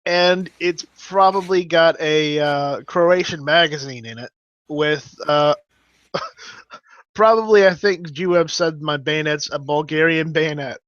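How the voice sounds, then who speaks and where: Slow-talking man, halting casual chat. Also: fairly high pitch, fairly even intonation, fairly bright tone, no room sound. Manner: halting, restarts with fillers and stammers. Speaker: podcast regular. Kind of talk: casual gun talk chat. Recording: dull lo-fi audio.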